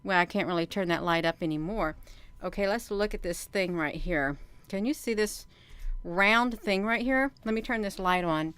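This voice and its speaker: A woman hosting a casual vlog who talks excitedly to her viewers, repeats herself and sounds out of breath. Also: fairly low pitch, normal speed, clear, resonant tone. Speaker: video channel host.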